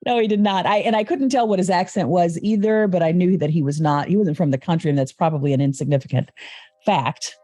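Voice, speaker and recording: Woman guest, mellow voice, animated storyteller who acts out voices, dry sound. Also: lowish voice, fast talker, dry recording. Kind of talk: casual storytelling conversation.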